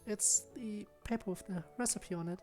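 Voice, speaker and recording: A man voicing a shy, bookish young woman from a visual novel, soft, hesitant and polite. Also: sits high, normal speed, soft background music, pitched above the performer's own voice, natural voice. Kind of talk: reading visual novel lines aloud.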